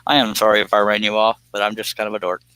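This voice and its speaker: Man, low and sharply bright, folksy self-deprecating live-stream host. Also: flat delivery, racing, clean tone, no room sound. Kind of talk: casual live stream chat.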